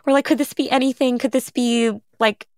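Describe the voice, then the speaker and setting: A woman's voice: high voice, a little fast, dry recording, studio quality. Earnest woman telling a personal story. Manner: earnest, reflective, quotes others in lively retellings. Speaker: podcast host telling her own story.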